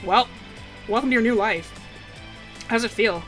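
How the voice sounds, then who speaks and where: A woman's voice: on the high side, moderate pace, faint music behind. A woman art streamer chatting casually on a drawing lesson stream, laughing often and filling her talk with "like" and "um". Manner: giggly, filler-heavy talk. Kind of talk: casual live-stream chat.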